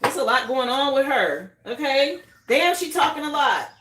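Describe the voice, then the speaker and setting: A woman's voice: high voice, expressive, normal speed, echoey room, background noise. A woman who grew up in Miami, doing a live tarot reading in a casual, drawling way, often asking "okay?". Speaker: tarot reader.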